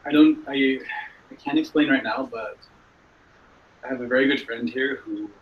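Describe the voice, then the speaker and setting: A man's voice: medium pitch, moderate pace, lo-fi sound, a little hiss or hum. Guy playing in character, stammers and restarts a lot, roomy sound far from the mic. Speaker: player. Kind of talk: in-character role-play talk.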